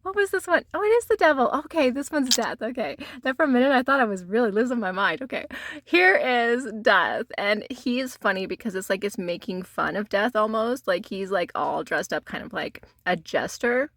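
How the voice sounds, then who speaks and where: Giggly chatty woman, bright voice. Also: a little high, animated, moderate pace, no echo, clean studio sound. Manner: giggly, laughs often while talking; chatty, many "like" fillers. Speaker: tarot vlogger. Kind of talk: casual show-and-tell chat.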